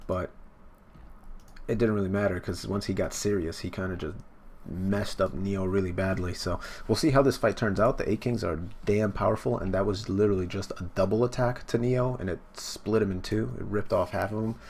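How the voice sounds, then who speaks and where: Manga reaction host, low gravelly voice, rambling, filler-heavy, swears casually. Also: male voice, a little fast, darkish tone, a little hiss or hum. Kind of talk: casual manga chapter read-along.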